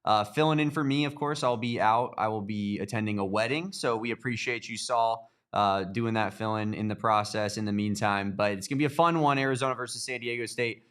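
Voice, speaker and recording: A man's voice: on the low side, a little fast, hardly any pauses, fairly bright tone, smooth. A man hosting a sports podcast, steadily steering and wrapping up segments. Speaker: podcast host.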